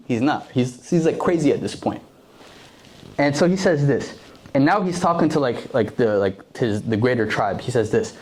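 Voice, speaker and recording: A man's voice: medium pitch, lively intonation, fairly quick, a little mellow. A young man preaching a casual sermon to a youth group, slangy and conversational, acting out the characters.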